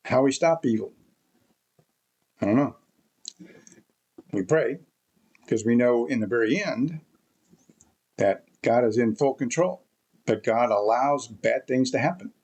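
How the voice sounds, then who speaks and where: A man's voice: medium pitch, a little slow, long pauses, a little mellow, breathy edge. A man giving a rambling, emphatic opinion monologue to camera, repeating his points often. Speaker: vlogger.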